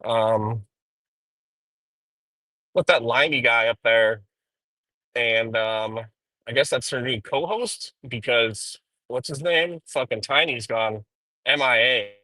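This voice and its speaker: A man's voice: medium pitch, slow, pauses often, bright, forceful tone, dry recording, poor audio. A man streaming live while driving, rambling through profane drama commentary with frequent ums. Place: inside a car.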